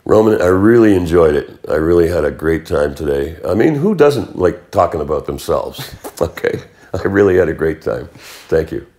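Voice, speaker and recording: With a low pitch and moderate pace, an older man from Canada who works as a musician and actor shares stories as an interview guest. He's an animated storyteller, performing the voices of those he quotes in casual conversation.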